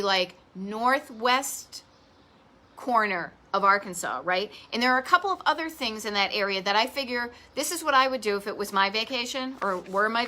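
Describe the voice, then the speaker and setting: Bright-voiced chatty woman with a Boston accent. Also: fairly high pitch, slight background noise. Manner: chatty and enthusiastic, self-deprecating asides. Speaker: host of a live vintage travel show. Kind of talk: casual live-stream chat. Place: home garage office.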